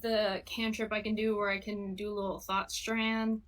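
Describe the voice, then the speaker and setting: A woman's voice: medium pitch, level tone, moderate pace, a bit bright. A woman playing a tabletop game in a chatty, playful way. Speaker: player. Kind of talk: casual tabletop play.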